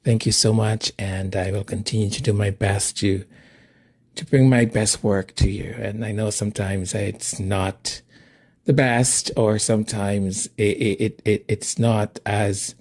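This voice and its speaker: A man's voice: lowish voice, steady tone, unhurried, darkish tone, husky. A man hosting his channel, chatting casually with viewers, hesitant and repeating himself, laughing often. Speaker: channel host.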